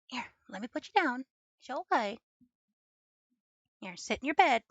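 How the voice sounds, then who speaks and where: A young woman chatting casually at home while studying, cooing baby talk to her dog in a creaky voice. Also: high voice, lively intonation, measured pace, dry recording, dull audio. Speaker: streamer. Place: home room with a desk and green screen.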